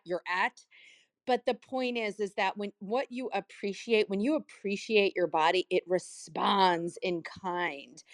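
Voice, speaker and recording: A woman's voice: medium pitch, no echo. A woman in her forties speaks earnestly about self-belief, rambling and restarting as she goes. The recording is dry and close, with no room sound. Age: 40s. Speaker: host of an audio room. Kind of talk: motivational casual talk.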